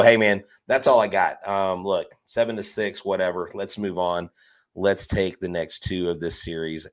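Low deep voiced guy on a sports pod, animated, jokey, leans on his words. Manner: animated, joking, emphatic. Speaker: podcast co-host. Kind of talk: casual sports podcast chat.

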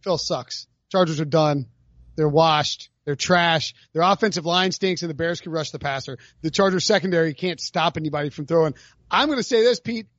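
A man co-hosting a sports betting chat, brash and heated, calling picks with loud rising outbursts. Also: fairly high pitch, moderate pace, dry recording, muffled recording. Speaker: podcast co-host making picks.

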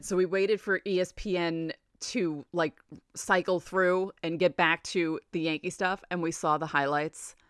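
A woman in her forties, a podcast host telling a story in a chatty, animated way. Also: medium pitch, normal speed, clean tone, dry recording, clean studio sound. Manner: animated, chatty, laughs often. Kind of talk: casual storytelling.

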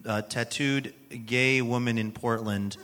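A man's voice: medium pitch, steady tone, a little slow, pushed and bright. A man interviewing a guest, asking curious questions with a dry, wry touch. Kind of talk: conversational interview.

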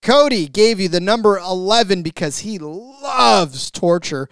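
A man co-hosting a sports betting podcast, excitable as he reads out bet lists, stammering at times. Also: high voice, measured pace, clean tone, no echo, studio quality. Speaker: podcast co-host. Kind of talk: casual sports betting chat.

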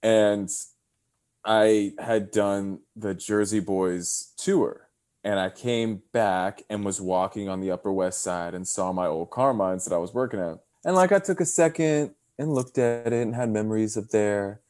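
Over a video call, a podcast guest in his thirties tells stories in a fairly low voice, keeping a measured pace. The chat is casual, and he animatedly mimics the voices of those he quotes.

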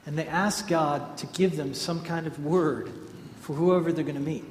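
A man preaching a sermon, telling a story in a lively conversational way to a congregation in a large hall. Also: on the high side, moderate pace. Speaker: pastor. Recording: echoey hall, faint ambience.

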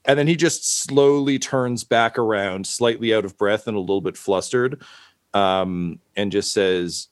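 A man's voice: on the low side, a little slow, no room sound, studio quality. A man running a tabletop game as game master, narrating hesitantly with many fillers.

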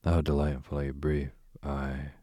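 A man's voice: a bass voice, monotone, measured pace, mellow, no echo. A man reading the part of a sardonic aristocratic duke in a bedtime audiobook, with a dry, sarcastic drawl.

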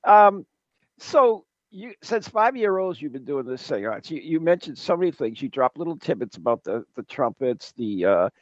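A man's voice: fairly high pitch, very animated, normal speed, no echo, muffled recording. An American man co-hosting a podcast, teasing and stammering through many restarts. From United States. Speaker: podcast co-host. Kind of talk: casual podcast chat.

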